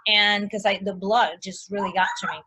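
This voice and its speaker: A woman telling a personal story as a guest in a casual chat, animated, full of likes and restarts. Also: medium pitch, moderate pace, husky, rough recording.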